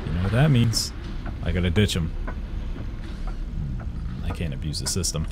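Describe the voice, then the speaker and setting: A young man giving excitable let's-play commentary, swearing and yelling at the game as he plays. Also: sits low, moderate pace, noisy background. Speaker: gaming YouTuber. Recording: game music playing behind.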